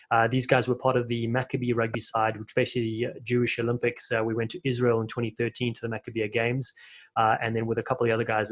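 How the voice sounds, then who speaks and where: Fast-talking South African man hosting. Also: medium pitch. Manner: chatty storyteller with frequent fillers. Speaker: podcast host and rugby commentator. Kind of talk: casual podcast chat.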